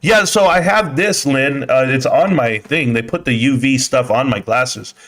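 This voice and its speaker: This livestream host speaks at a measured pace, his medium-pitched voice fairly bright. He's chatty and rambling as he goes through viewer comments in a casual stream, dropping the occasional swear word.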